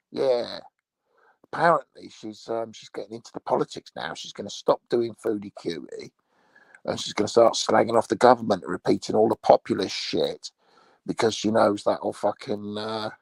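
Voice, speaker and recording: A man playing a crude, boastful English loudmouth in a rambling, foul-mouthed comic monologue, with an English accent. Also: fairly low pitch, creaky, no room sound.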